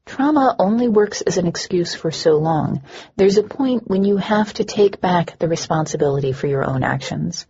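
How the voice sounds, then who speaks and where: A woman's voice: on the low side, lively intonation, normal speed, warm tone, breathy edge. A woman narrating a first-person audiobook with a dry, wry delivery. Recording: dull lo-fi recording.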